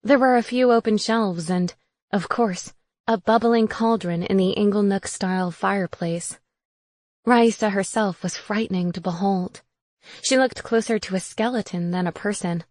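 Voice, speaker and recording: Woman audiobook narrator, wry and even, close dry studio mic. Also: mid-range voice, moderate pace, dry recording. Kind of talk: first-person audiobook narration.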